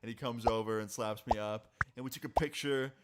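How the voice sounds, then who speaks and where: A young man telling a casual, animated story on a live stream, swearing freely. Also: medium pitch, fairly quick. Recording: loud background noise.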